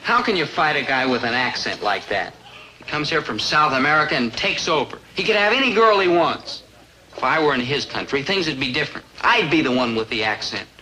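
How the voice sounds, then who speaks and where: A man's voice: mid-range voice, lively intonation, fairly quick, bright, forceful tone. An actor playing a young lovestruck teenage boy in a 1950s sitcom, delivering dry wisecracks. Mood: gloomy. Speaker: lead character. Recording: noisy old TV soundtrack.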